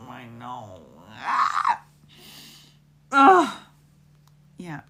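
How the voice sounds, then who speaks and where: A woman's voice: on the low side, a bit bright. A woman giving a casual, affectionate live tarot reading, spiritual and encouraging, with many restarts. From United States. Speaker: tarot reader.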